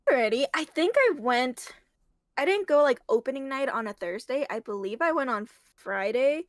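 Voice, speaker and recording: A woman chatting casually as a guest, animated and giggly as she retells things. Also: high-pitched, moderate pace, dry recording, studio quality. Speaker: guest reviewer. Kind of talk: casual chat.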